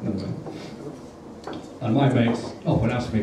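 A man with a British accent performing a stand-up comedy set, telling a long story in a deadpan way and pausing before his punchlines. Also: mid-range voice, noisy background. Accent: British English. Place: comedy club stage with audience. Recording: roomy live club audio from a distance. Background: audience laughter.

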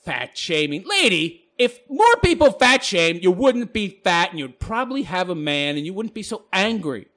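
A man's voice: sits high, sing-song, moderate pace, hardly any pauses, fairly bright tone. A man hosting his own channel, reading out hateful comments and answering them in a scornful, rambling monologue full of laughter. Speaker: channel host responding to comments.

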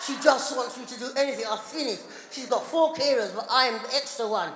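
A middle-aged woman doing a live stand-up routine, loud and chatty with the crowd. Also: a little high, fairly quick. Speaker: stand-up comedian. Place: large hall on stage before a live audience. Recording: echoey hall, live audience noise.

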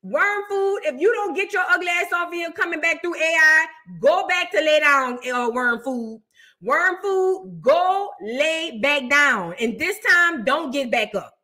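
Brash, high-voiced woman ranting. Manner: brash, profane, animated, mocking. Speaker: host reacting to celebrity news. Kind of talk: unscripted livestream commentary.

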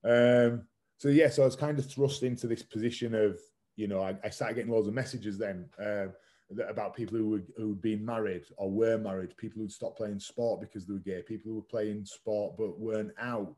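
A man's voice: fairly low pitch, fairly even intonation, a little fast, warm tone. A man in his thirties, a podcast guest, telling his story frankly and casually, swearing now and then and using lots of "like" fillers. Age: 30s. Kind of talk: candid conversational storytelling.

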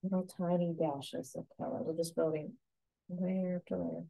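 A woman teaching a painting lesson, giving soft, unhurried step-by-step instructions. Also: on the low side, little pitch movement, creaky, dry recording, low-quality recording.

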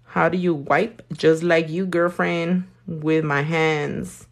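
A woman's voice: low-pitched, fairly even intonation, slow, gravelly. Blunt, chatty woman nail artist. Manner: blunt, profane, chatty, slangy. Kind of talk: casual chat while doing nails on a livestream.

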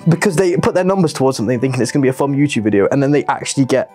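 A young British man co-hosting a casual chat, telling jokey, animated stories with swearing. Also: medium pitch, rapid-fire, faint music behind. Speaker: YouTuber co-host.

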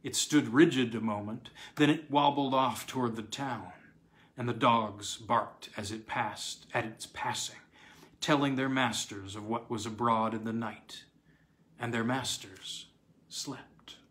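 Male narrator, measured dramatic reading, mid-pitched. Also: steady tone, a bit bright. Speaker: reader. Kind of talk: scripted narration.

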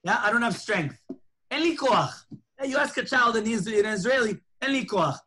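A man's voice: sits high, a little fast, a little hiss or hum. A man, a rabbi, teaching a lunchtime Torah class, telling stories and acting out the dialogue. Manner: animated storytelling, acting out dialogue.

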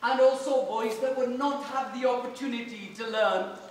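A British parliamentarian giving an earnest fundraising speech at a charity dinner, speaking in halting phrases. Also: male voice, very high-pitched, steady tone, a little hiss or hum. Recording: echoey hall from far off.

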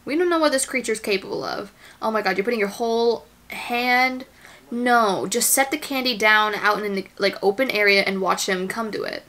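A woman's voice: medium pitch, moderate pace, pushed and bright. A woman giving casual commentary as she reacts to a movie, exclaiming and gasping at the screen, anxious and near tears for the characters.

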